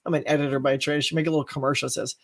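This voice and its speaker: A man's voice: fairly high pitch, little pitch movement, rapid-fire. A man hosting a live stream show, chatting casually, reading viewer comments, laughing often and going off on tangents.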